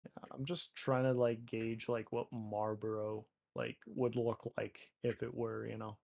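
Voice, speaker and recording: A man's voice: medium pitch, level tone, a little slow, creaky, a little mellow. A young Canadian man with a Canadian accent, chatting casually and joking while he draws on a live stream, with lots of fillers. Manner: rambling, joking, heavy fillers. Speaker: artist and streamer. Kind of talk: casual chat while drawing.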